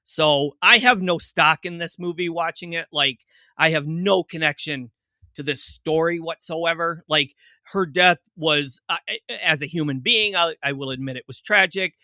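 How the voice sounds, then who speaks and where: Podcast host, male, very bright tone, dry close sound, rambling jokey delivery. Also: fairly high pitch, normal speed, no room sound. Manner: rambling, self-interrupting, joking. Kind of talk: casual chat.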